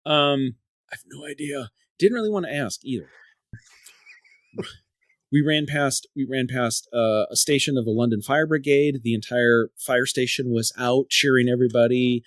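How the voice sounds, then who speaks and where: A man's voice: mid-range voice, moderate pace, dry recording. Rambling male podcast host, dry sound. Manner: rambling storyteller, repeats and restarts words. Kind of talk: casual chat.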